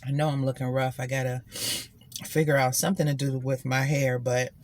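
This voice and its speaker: A woman's voice: a bass voice, flat delivery, a little fast, darkish tone. A young woman chatting candidly to her viewers in a casual vlog, talking loosely and calling them y'all. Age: young adult. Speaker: vlogger. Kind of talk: casual vlog chat to camera. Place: at home, later at a gym.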